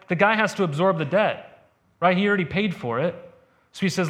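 A young adult man pastor delivering a sermon, retelling a parable in a conversational, animated storytelling way with casual asides to the congregation. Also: sits high, moderate pace.

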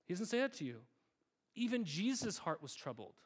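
Male pastor, slightly high voice, casual and earnest sermon storytelling, talks to the room like friends. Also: very animated, fairly quick, husky. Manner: conversational, earnest storytelling with fillers; addresses congregation as "guys".

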